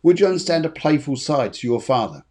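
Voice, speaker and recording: A man's voice: on the high side, big pitch swings, quick pace, darkish tone. A man working as a medium, chatting and relaying messages on a live reading show, often repeating his phrases. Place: lives in Spain.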